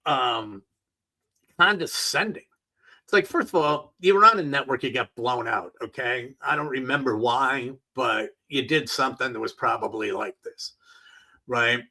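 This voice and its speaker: A man's voice: a little high, pushed and bright, low-quality recording. A middle-aged man hosting a solo talk show, ranting in an exasperated, sarcastic and profane way. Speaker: podcast host. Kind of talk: opinionated solo rant.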